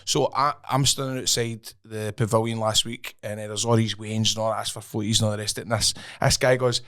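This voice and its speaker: A man's voice: lowish voice, a little fast, clear, resonant tone, no echo, clean studio sound. A Scottish man co-hosting a podcast, telling an anecdote in casual banter and breaking into laughter. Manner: expressive storyteller, breaks into laughter. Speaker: podcast co-host.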